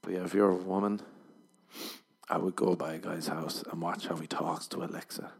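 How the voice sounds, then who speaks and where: A man, hosting a podcast and riffing through a deadpan comic monologue that jumps into loud mock voices. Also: deep voice, normal speed, vocal fry, husky. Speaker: podcast host.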